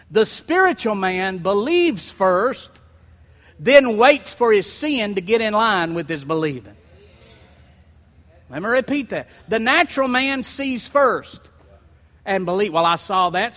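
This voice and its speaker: A male pastor preaching a sermon to his church, emphatic and repeating key phrases, slowing down to stress words. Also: high voice, fairly bright tone, long reverb tail. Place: church sanctuary.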